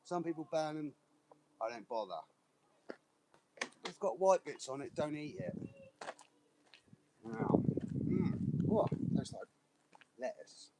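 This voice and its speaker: A man's voice: on the high side, sing-song, slow pace, long pauses, heavy background noise. A man live streaming on his phone while walking outdoors, chatting rambly to the camera. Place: outdoors on a walk. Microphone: handheld phone.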